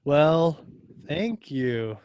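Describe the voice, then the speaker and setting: A man's voice: on the high side, big pitch swings, very slow, darkish tone, smooth, dry recording, clean studio sound. A man hosting a webinar, joking with his guest and running a poll for the audience. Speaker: webinar host.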